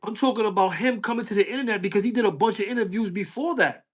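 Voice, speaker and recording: High-voiced man who keeps cutting in. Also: fast talker. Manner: challenging, cuts in with "hold on". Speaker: host. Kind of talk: casual debate.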